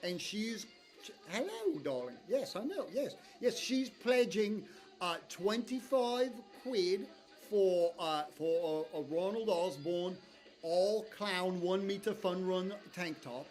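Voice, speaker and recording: A man's voice: high-pitched, lively intonation, slow, darkish tone, soft background music. A man playing a clown frontman hosting a charity call-in, with a hesitant, put-on British accent, calling everyone darling. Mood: fussy. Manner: fussy, calls everyone darling.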